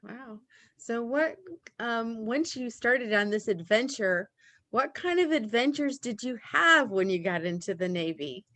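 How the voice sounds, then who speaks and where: Woman interviewer, encouraging and upbeat, higher pitch, dry close recording. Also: lively intonation, measured pace, bright, forceful tone, dry recording. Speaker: podcast host. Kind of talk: interview questions.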